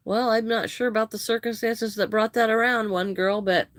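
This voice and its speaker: A woman's voice: fairly high pitch, steady tone, no room sound. Chatty woman hosting a crochet livestream. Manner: greets and thanks viewers by name, chatty, halting restarts. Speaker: livestream host. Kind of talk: live crochet stream chat.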